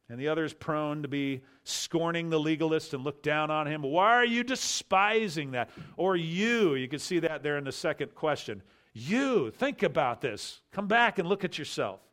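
Emphatic male preacher, slightly high voice. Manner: emphatic, rhetorical questions, drops to quiet asides. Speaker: pastor. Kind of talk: expository sermon.

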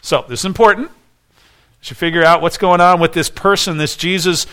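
Um homem pregando um sermão com fervor, fazendo perguntas retóricas à congregação. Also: male voice, high voice, steady tone, brisk, a bit bright. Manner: earnest preaching with rhetorical questions. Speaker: pastor. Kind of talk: sermon.

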